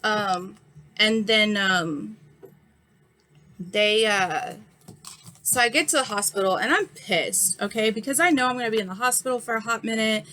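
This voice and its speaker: There's slight background noise as a woman vlogger in her thirties, one eye injured and swollen, recounts an incident in a casual storytime monologue. Her medium-pitched voice moves at a moderate pace with a sharp edge, and she retells it frankly and heatedly, with many fillers.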